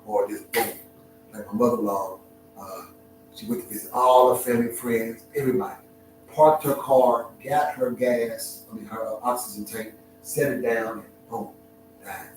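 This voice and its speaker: A middle-aged man opens up in an emotional, reflective personal story, halting and restarting as he searches for words. His voice sounds distant from the mic and rings around a very echoey room, with clear music playing behind him. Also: medium pitch, fairly even intonation.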